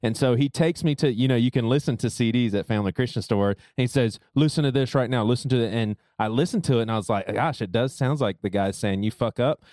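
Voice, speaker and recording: A man's voice: medium pitch, fast, hardly any pauses, darkish tone, dry recording, clean studio sound. A man co-hosting a podcast, chatty and laughing often as he tells stories. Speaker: podcast host. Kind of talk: casual conversation.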